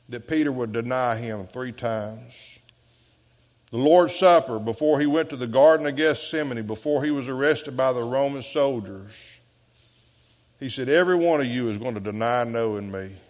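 A pastor preaching a sermon, swinging between loud, emphatic bursts and soft, low passages. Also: male voice. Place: church sanctuary. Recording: echoey church sanctuary.

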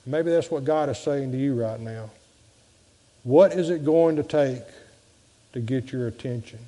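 A man preaching a sermon as pastor, swinging between loud and soft delivery. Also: medium pitch, a little slow, long pauses. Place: church sanctuary. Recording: long church reverb.

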